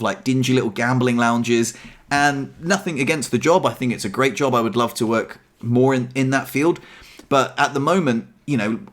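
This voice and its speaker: A young man chatting casually in a self-deprecating, upbeat vlog about his life at home. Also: medium pitch. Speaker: vlogger. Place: apartment.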